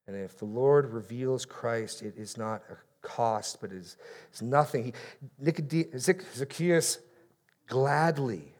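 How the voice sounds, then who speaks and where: A man's voice: fairly low pitch, darkish tone. A man preaching a sermon in church, reading scripture with rising emphasis on key phrases. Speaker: pastor.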